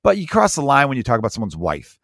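A man in casual chat, rambling with many restarts and turning animated when he quotes other people. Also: mid-range voice, fast talker, gravelly, no echo, studio quality.

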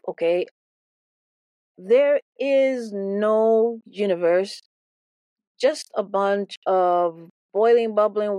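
A woman's voice: mid-range voice, darkish tone, no room sound. A woman teaching a Bible lesson as playful, theatrical storytelling, often repeating words for effect.

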